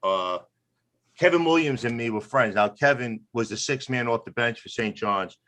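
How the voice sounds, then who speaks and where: A man's voice: mid-range voice, expressive, moderate pace, a bit bright. A man from Queens, New York, tells old game stories on a video call. He talks in a chatty, easy way and laughs along with his own tales. His voice sits in the middle of the usual range. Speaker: former college mascot guest. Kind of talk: casual storytelling on a video call.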